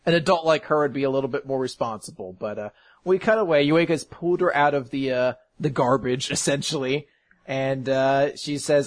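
Laughing man recapping a story. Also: mid-range voice. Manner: laughing often, acting out lines in quick voices. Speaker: podcast host recapping an anime. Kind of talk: casual chat recap.

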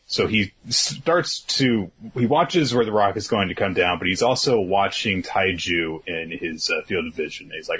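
A man in a casual talk, retelling a story with animated energy and acting out lines. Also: medium pitch, moderate pace, breathy edge. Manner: animated storytelling, acts out quotes, swears casually. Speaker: podcast co-host recapping a manga chapter.

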